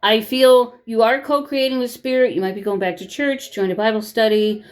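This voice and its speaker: A woman's voice: fairly high pitch, normal speed. A woman giving a casual tarot reading to camera from her bedroom at home. She talks in a chatty, reassuring way and keeps checking in with listeners. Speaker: tarot reader.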